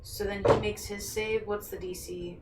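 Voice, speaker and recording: A woman's voice: medium pitch, little pitch movement, moderate pace, very noisy. Casual woman player, roomy and distant. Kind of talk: casual tabletop game session. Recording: echoey room, distant mic.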